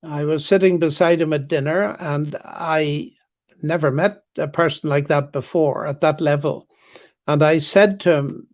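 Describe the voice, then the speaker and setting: An older man speaks as an interview guest, his voice sitting a little high. He talks in a measured, formal way and stresses key words as he recounts a story. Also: steady tone.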